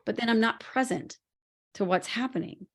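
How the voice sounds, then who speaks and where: A woman co-hosting a podcast in casual conversation, telling lively stories and laughing often. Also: a little high, moderate pace. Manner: animated, laughing storyteller. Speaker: podcast co-host.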